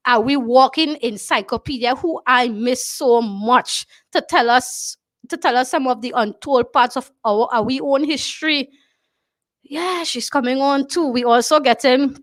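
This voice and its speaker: This is a Trinidadian talk show host with a high-pitched, slightly bright voice. She talks with emphasis, repeats her phrases, and frequently throws in the question "you understand?"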